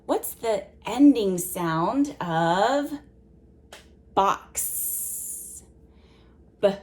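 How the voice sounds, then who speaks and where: A woman teaching a children's phonics lesson, sounding out words slowly and asking gentle questions of a young listener. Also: medium pitch, big pitch swings. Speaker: preschool teacher.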